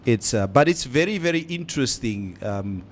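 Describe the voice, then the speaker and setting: A man's voice: mid-range voice, lively intonation, normal speed, a little hiss or hum. Laughing man co-hosting a show. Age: over 50. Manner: laughs often, switches between English and Afrikaans. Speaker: radio show co-host. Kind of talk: casual studio banter, reading listener comments. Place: radio studio.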